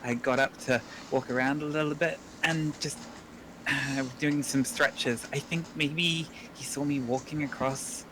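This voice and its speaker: A man's voice: a little high, fairly even intonation, unhurried, lightly acted. Guy playing a polite young woman traveler, apologetic, plain voice, background noise. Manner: apologetic, explaining.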